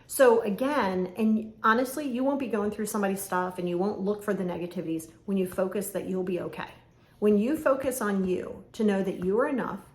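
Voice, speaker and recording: A woman hosting a podcast as a coach, talking directly and emphatically and acting out bits of dialogue. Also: mid-range voice. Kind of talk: motivational monologue. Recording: echoey room with faint ambient noise. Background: faint ambience, lawnmower outside.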